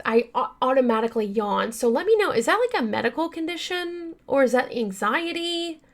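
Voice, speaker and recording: Woman true-crime podcaster, bright higher voice, rambling casual delivery full of fillers, earnest, yawns at times. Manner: chatty, many fillers, addresses listeners as you guys; earnest and upset by the case. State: yawning now and then. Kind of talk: casual storytelling.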